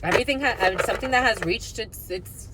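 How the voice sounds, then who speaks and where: A woman's voice: medium pitch, a little fast, heavy background noise. A woman doing a casual tarot energy reading, blunt and profane, with sing-song asides and mocking voices.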